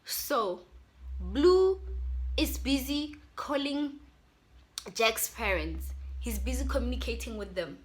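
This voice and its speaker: A woman's voice: fairly high pitch, expressive, slow pace, pauses often. A young South African woman with an accent, chatting animatedly to her viewers as she tells a storytime. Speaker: YouTuber. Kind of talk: casual storytime.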